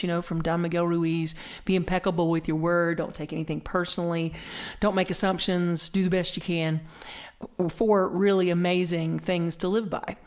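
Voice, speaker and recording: Low-voiced Southern woman minister. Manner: reflective, repeats key phrases, slows for emphasis. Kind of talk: conversational online sermon.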